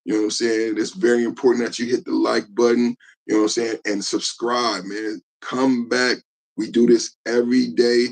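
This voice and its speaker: A man's voice: mid-range voice, level tone, moderate pace, gravelly. A man hosting a live podcast, talking loosely and joking with viewers, tacking "man" onto his lines. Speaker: podcast host. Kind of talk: casual live-stream chat.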